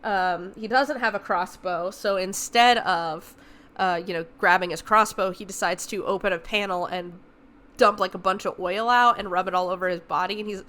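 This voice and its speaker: Podcast host, young woman, bright tense tone, loose swearing movie recap. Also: medium pitch, moderate pace. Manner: animated, profane retelling with filler words. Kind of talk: casual movie review recap.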